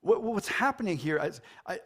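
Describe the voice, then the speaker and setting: An American man delivers a church sermon with a loose, conversational energy. He jokes with the congregation and slips into quoted characters as he tells the story. His voice sits a little higher than most men's. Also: moderate pace. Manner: casual and animated, jokes and acts out quoted lines. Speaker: pastor.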